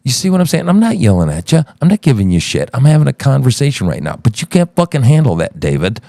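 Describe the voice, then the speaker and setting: A man's voice: medium pitch, huge pitch swings, quick pace, gravelly, mellow, dry recording, clean studio sound. A man hosting a live audio chat room, berating and cursing at a guest in a heated argument. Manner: profane, angry, berating.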